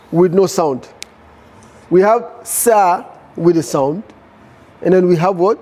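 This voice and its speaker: High-voiced, slow-paced reading teacher. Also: male voice, darkish tone. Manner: drills sounds by repeating them, asks the class questions. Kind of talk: live Quran reading class.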